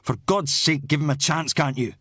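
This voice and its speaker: A male narrator voicing a steady man who shields a friend from a hostile crowd, firm and reassuring, recorded dry. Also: on the high side, normal speed, breathy edge, no room sound. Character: steady protective man calming an angry crowd.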